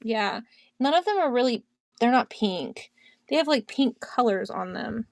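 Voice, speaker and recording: Woman, live seller, casual chat, giggly, high voice, dry close sound. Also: animated, a little slow, gravelly, no room sound. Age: adult, mother of a teen. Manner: giggly, chatty, laughs often.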